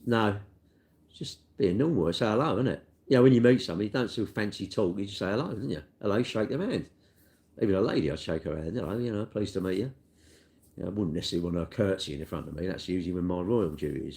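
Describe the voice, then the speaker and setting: A man's voice: lowish voice, vocal fry, a little mellow. A middle-aged man, a car dealer chatting casually on a live stream and answering viewer comments in a rambling way. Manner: chatty, rambling, tag questions like "innit".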